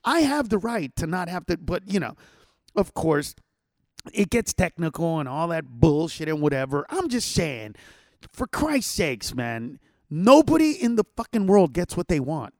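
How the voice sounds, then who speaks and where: A man's voice: on the high side, measured pace, dry recording, studio quality. A man who is a stand-up comedian, ranting in casual podcast chat, full of swearing. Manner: profane, animated ranting.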